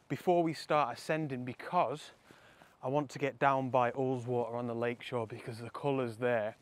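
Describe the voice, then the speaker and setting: A young man, vlogging casually and enthusiastically outdoors by a lake, laughing often. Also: mid-range voice. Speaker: landscape photography vlogger. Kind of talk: casual vlog to camera.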